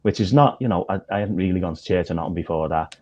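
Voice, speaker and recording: A man's voice: sits low, fast, a little mellow. A man, a minister and comedian, telling rambling, self-deprecating stories in casual chat. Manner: rambling storyteller, self-deprecating, many fillers.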